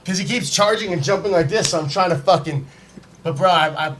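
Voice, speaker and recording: A man telling a story in casual podcast chat, animated and profane, acting out what people said. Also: sits high, brisk, slight background noise. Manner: animated, profane, acts out quotes. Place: podcast studio, live.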